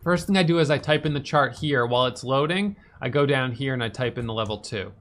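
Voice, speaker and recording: A tired man casually recapping his day's stock trades, talking fast with lots of fillers and restarts. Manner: fast, filler-heavy talk with restarts, "boom" for quick actions. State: tired, yawning.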